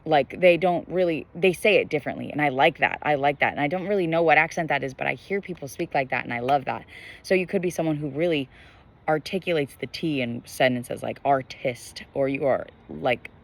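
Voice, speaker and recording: A young man with a somewhat high, slightly quick, creaky voice gives a casual collective tarot reading to the camera, rambling through plenty of fillers and spiritual musings. He's indoors with a bright sky glowing behind him, and the camera faces him.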